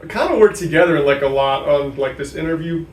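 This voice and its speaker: A chatty young man with a slightly high voice, answering in a loose, rambling way with lots of "like". He sits back from the mic in an echoey room, and faint noise hums underneath. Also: brisk, recorded from a distance. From New Hampshire, US. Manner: chatty, many "like" fillers. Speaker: guest, sports information director. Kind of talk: casual interview chat.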